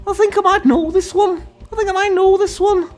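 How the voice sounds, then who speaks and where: A squeaky, shouting football fan. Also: male voice, steady tone, fairly quick, faint music behind. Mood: loud joking. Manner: exaggerated, shouty, repeats himself. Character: loud joking Liverpool football fan.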